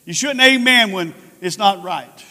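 Male pastor preaching, high voice, loud peaks and hushed stretches, echoing sanctuary. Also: expressive, unhurried. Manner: swings from shouted proclaiming to low quiet tones. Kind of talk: sermon. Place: church sanctuary.

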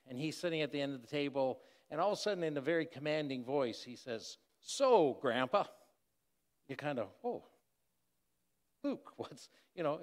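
An older man preaching a sermon, telling stories in a relaxed, conversational way with personal asides. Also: mid-range voice. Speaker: pastor. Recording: long hall reverb.

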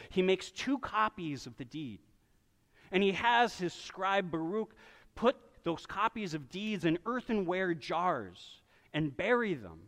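Male preacher, high and very lively pitch, sermon delivered in a reverberant hall. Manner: storytelling, with quick voiced asides for people in the story.

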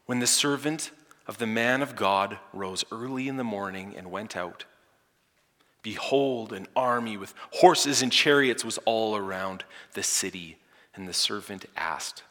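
A male pastor preaching a sermon with great drama, dropping to hushed near-whispers and then rising to loud, emphatic lines. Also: lowish voice, moderate pace. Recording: echoey church hall.

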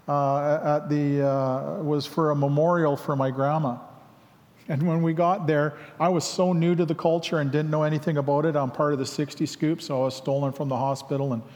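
Halting storytelling man in reverberant space. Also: on the high side, darkish tone. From Canada. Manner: reflective, halting with frequent fillers, acts out both sides of dialogue. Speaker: speaker sharing his life story. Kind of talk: personal storytelling talk.

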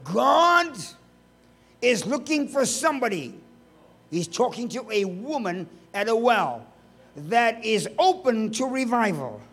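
A man's voice: very high-pitched, big pitch swings, slow pace, fairly bright tone, husky. A man preaching a sermon, emphatic, firing off rhetorical questions and dropping joking asides.

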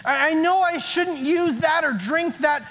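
A man's voice: extremely high pitch, unhurried, a bit bright. Man preaching in a reverberant church hall. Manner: conversational, acts out quoted inner voices. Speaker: pastor. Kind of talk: sermon. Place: church sanctuary.

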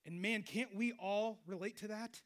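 A middle-aged man preaching a sermon, animated, swinging between loud exclamations and quiet low stretches. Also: normal speed. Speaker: pastor.

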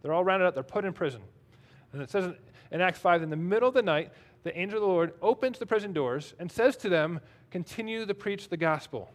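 His voice sits high and is expressive, moving at a fairly quick clip. He is a pastor giving a conversational, self-deprecating sermon, alternating scripture readings with his own remarks.

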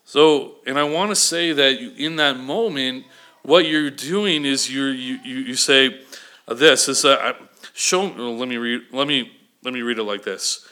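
A man's voice: mid-range voice, measured pace, sharp tone. A man preaching a sermon in a conversational way, often checking in with the congregation. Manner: conversational preaching with frequent "okay?" check-ins. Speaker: pastor.

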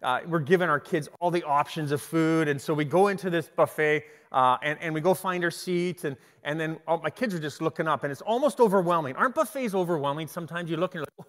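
A middle-aged man preaching a sermon, telling stories in an animated way and often restarting his sentences. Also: on the high side, quick pace, few pauses. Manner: animated storytelling with repeated restarts. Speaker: pastor. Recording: long hall reverb.

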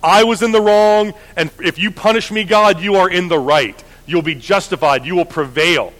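A man preaching voices a penitent ancient king pleading for mercy, slow, hushed and earnest. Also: high voice, long reverb tail, rough recording.

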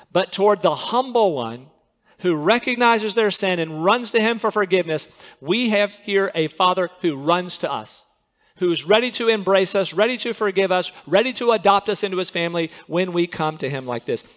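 A pastor with a high voice delivers an earnest sermon. His words ring out in a long-reverb church hall, and at the appeals he sinks to a pleading near-whisper. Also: a bit bright.

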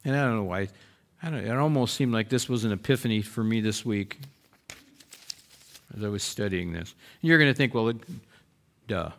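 A man's voice: fairly low pitch, moderate pace, creaky, long pauses. A man preaching a sermon as pastor, talking to the congregation and acting out heartfelt prayers and complaints to God. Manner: expressive, acts out voiced prayers and complaints.

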